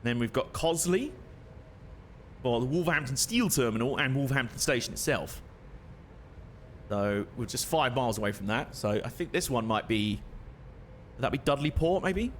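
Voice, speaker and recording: A man's voice: mid-range voice, animated, moderate pace, pauses often, a little hiss or hum. Chatty young man streaming a train game. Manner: chatty, self-mocking, laughs often. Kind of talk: casual gameplay commentary.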